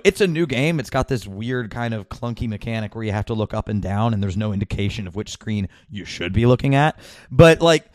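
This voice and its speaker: A man's voice: medium pitch, dry recording, studio quality. Rambling male podcast host. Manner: rambling, with many fillers and restarts and swearing. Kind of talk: casual chat.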